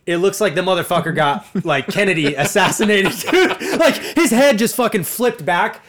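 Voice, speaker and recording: A man's voice: high voice, normal speed. Laughing, profane young man telling stories. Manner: profane, animated storyteller who laughs often. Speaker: podcast co-host. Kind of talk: casual storytelling chat.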